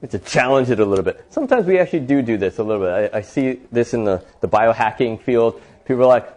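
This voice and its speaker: Animated, chatty inspirational male host. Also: medium pitch, quick pace, few pauses. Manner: animated storyteller, many fillers. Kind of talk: inspirational talk.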